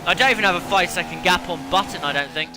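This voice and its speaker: Talking fast in a high voice with vocal fry, a man hosts a racing game video on his gaming channel. He rants and swears out of frustration. Behind him you can hear the game's racing car engines.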